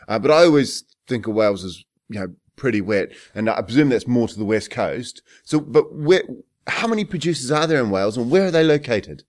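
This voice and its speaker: A man with a New Zealand accent hosts a relaxed interview at a middling pitch. He keeps the talk chatty and jokey. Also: brisk, few pauses. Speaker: host. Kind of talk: casual interview.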